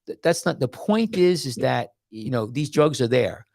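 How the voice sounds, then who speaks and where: A man's voice: medium pitch, moderate pace, creaky, dry recording, clean studio sound. A man hosting a casual podcast as a doctor, rambling and restarting his words as he talks. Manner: tells stories with animated quoted voices.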